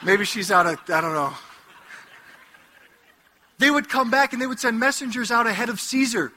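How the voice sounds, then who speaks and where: A man preaching as a Catholic priest to a live audience, an animated, joking storyteller speaking into a headset mic. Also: very high voice, a little fast. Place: hall before an audience.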